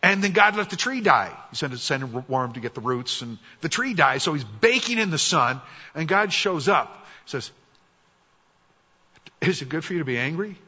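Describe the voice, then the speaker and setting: A guest preacher with a forceful, slightly husky voice, telling scripture stories in a casual, wry way. The recording is dull and lo-fi, and a long reverb trails through a large hall. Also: male voice, on the high side, very animated, moderate pace. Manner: conversational and wry, drops soft for quoted prayers. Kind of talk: sermon. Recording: dull, echoey church hall.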